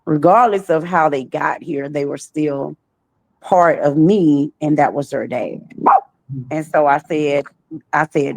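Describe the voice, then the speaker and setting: Woman, trafficking survivor guest, deep gravelly voice, halting repetitive delivery. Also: darkish tone, dry recording. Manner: slow, halting, repeats phrases. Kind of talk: personal testimony.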